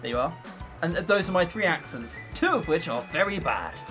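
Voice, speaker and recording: A young English man talking casually to his stream audience, joking and teasing himself as he goes. His voice sits a touch high and moves around a lot, and faint music plays behind him. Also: expressive, a little fast. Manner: joking, self-mocking, chatty. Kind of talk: casual livestream commentary.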